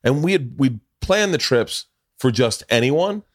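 A man's voice: medium pitch, unhurried, dry recording, clean studio sound. Profane rambling man telling stories. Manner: rambling, profane, restarts often, gets loud and laughs when excited. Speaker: podcast host. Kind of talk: casual chat, storytelling.

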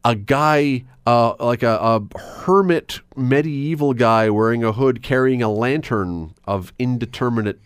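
A man's voice: medium pitch, measured pace, hardly any pauses, clean tone, dry recording. A man hosting an evening radio talk show, chatty and playful, laughing often as he talks in the studio. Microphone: studio microphone.

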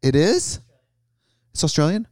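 A young man co-hosting a casual podcast chat, joking and breaking into loud laughter. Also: on the high side, wildly swooping pitch, normal speed, no echo. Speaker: podcast co-host.

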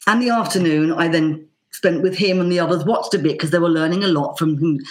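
A middle-aged Irish woman, a banjo player, telling a casual anecdote in a lively way, acting out the voices she quotes. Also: fairly low pitch, brisk. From Ireland. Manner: lively, acts out quoted voices with lots of fillers. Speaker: banjo player and teacher guest.

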